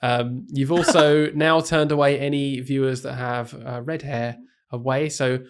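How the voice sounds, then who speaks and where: A man's voice: medium pitch, fairly even intonation, a little slow, smooth. Young male co-host, playful and teasing, reads aloud with chuckles. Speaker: podcast co-host, primary school teacher. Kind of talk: casual chat, reading a listener's story aloud.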